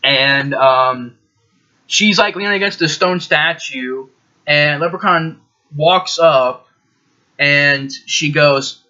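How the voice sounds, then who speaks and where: A man with a bright, forceful voice talks through a movie plot in a casual, rambling way. He leans on emphatic words and frequent fillers, and his voice sits fairly high. The recording is dull and lo-fi. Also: takes it slowly. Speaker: movie reviewer. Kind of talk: casual spoken movie review.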